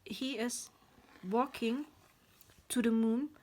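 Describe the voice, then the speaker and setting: A woman's voice: on the high side, fairly even intonation, slow, a little mellow. Rambling woman giving a tarot reading. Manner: rambling, apologetic, spiritual talk; drops to a whisper now and then. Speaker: tarot card reader. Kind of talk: pick-a-card tarot reading.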